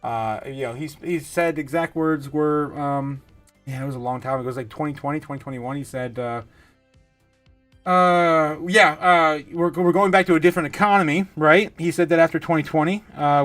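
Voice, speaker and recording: A man's voice: on the high side, moderate pace, a bit bright, dry recording, soft background music. A man hosting a casual livestream, reading viewer comments aloud and laughing often, close to a desk mic. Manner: giggly, laughs often, reads chat aloud. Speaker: livestream host.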